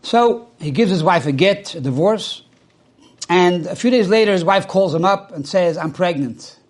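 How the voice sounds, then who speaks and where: A man telling a religious story as a sermon. He acts out what the people in the story say, with big swings in pitch, and he mixes in Hebrew and Yiddish religious terms. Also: normal speed. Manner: animated, acts out quoted speech with swings in pitch.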